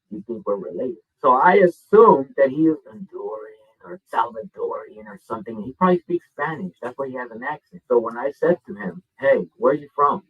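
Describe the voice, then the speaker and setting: Animated man on a muffled, distant line. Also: mid-range voice, creaky, slightly rough. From Mexico. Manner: animated, sarcastic, acts out quoted dialogue. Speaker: commentator in a reaction clip. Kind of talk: storytelling monologue. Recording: muffled phone-like sound from a distance.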